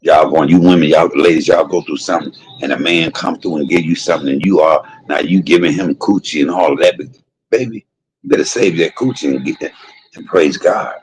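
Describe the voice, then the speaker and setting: Deep raspy older man preaching. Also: fairly quick, low-quality recording. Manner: preachy, emphatic and folksy. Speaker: live stream host. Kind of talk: mukbang stream talk turning into preaching.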